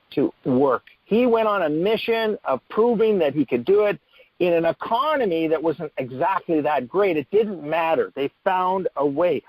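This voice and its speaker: Energetic high-voiced man, motivational talk. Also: dry recording. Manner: energetic, repetitive, rhetorical questions. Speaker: network marketing trainer hosting a call. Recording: dull muffled call audio, dry.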